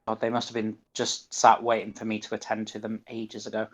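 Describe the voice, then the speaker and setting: Fairly quick and monotone, this man's fairly low voice carries a Northern English accent; he's from northern England. As a gaming streamer giving live commentary, he mutters to himself and reads the game's menu options aloud.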